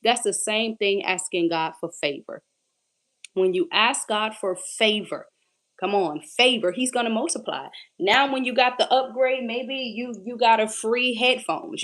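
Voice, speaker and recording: A young woman coach giving a casual inspirational faith talk in a lively, conversational, preachy way. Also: on the high side, moderate pace.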